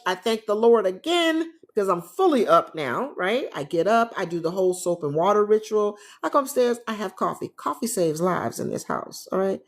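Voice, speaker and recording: A retired woman hosting a casual livestream from her living room, chatting with viewers and reading their comments in a lively, animated way. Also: fairly high pitch. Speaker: travel agent business coach, livestream host.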